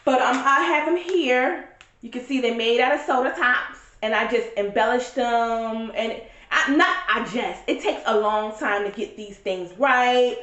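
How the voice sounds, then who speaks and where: A woman's voice: fairly high pitch, unhurried, a bit bright, echoey room. A woman talking straight to camera in a casual vlog, blunt and profane, full of strong opinions. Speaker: vlogger reviewing a reality show.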